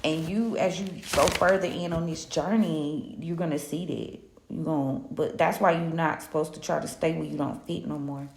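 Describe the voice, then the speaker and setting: A woman's voice: low voice, steady tone, moderate pace, vocal fry, hardly any pauses, a little mellow, echoey room, slight background noise. A woman hosting a live spiritual reading, ranting casually in a sassy, profane way and laughing often. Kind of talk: casual live-stream rant.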